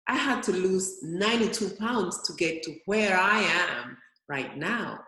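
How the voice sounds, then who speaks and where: A woman's voice: on the low side, expressive, unhurried, sharp tone. A woman in her early fifties, a physician guest on an interview, telling stories with energy and acting out her own inner voice. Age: early 50s. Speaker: physician and weight loss guest. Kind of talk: interview storytelling. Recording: roomy echo.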